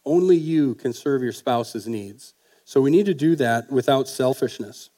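Male preacher, folksy, chatty sermon delivery, asks the room questions, average pitch. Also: a little slow, mellow. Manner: folksy, conversational, with fillers and rhetorical questions.

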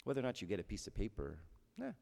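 A man's voice: fairly low pitch, expressive, very fast, vocal fry, mellow, long reverb tail. A man giving a conversational homily as a priest, often checking in with his listeners with "right?".

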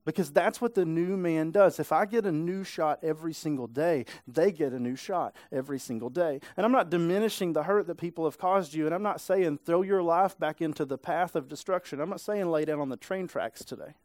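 A man's voice: fairly high pitch, a little fast, hardly any pauses, darkish tone, dry recording. Casual-sounding male preacher, dry close sound. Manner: casual, conversational preaching with frequent tag questions. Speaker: pastor. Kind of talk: sermon. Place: church sanctuary.

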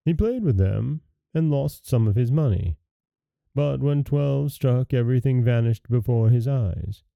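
Male storyteller host, gravelly mid-pitched voice, dry close mic, dull audio, faint music. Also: animated, a little slow, dry recording. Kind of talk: scripted storybook narration.

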